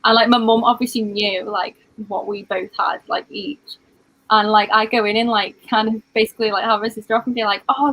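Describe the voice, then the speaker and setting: A woman's voice: on the high side, sharp tone, poor audio. A British woman in her twenties hosting a casual livestream, chatty and full of "like" and "um" as she reads out comments. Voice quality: chatty, filler-heavy, often says "like". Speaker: livestream host.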